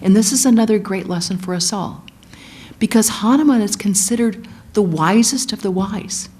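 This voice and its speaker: A woman giving a sermon, retelling an epic as animated storytelling and acting out the quotes. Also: mid-range voice, moderate pace. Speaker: guest speaker, monastic.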